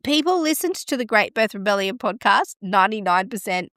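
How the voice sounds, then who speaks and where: A woman's voice: mid-range voice, brisk, dry recording, studio quality. A woman hosting a podcast in casual chat, gasping and exclaiming as she reads results aloud. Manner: excitable, gasps and exclaims while reading stats aloud. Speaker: podcast host.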